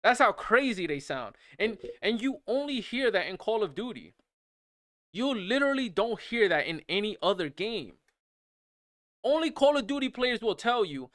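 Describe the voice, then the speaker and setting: A man's voice: high voice, moderate pace, no echo, studio quality. A man in his thirties ranting incredulously while he plays, repeating himself as he goes. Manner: incredulous, repetitive, animated. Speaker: gaming streamer. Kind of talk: casual rant while playing.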